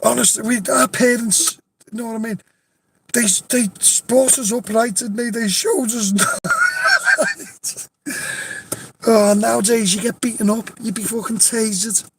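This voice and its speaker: A man's voice: very high voice, sing-song, unhurried, pauses often, a bit bright, a little hiss or hum. A man with a Liverpool accent telling a rowdy anecdote in casual chat, swearing freely, laughing often and insisting it is true. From Liverpool, England. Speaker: storyteller.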